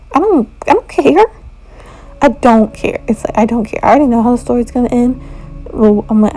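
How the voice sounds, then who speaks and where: A woman's voice: fairly high pitch, mellow, poor audio. A woman giving a frank, opinionated review in a casual rant, often exasperated. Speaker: video reviewer.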